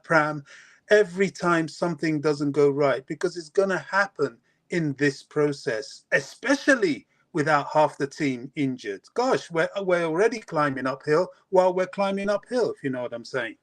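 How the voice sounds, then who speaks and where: A man's voice: fairly high pitch, expressive, normal speed. A man calling into a fan stream, making an earnest, emphatic case at length. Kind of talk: impassioned opinion.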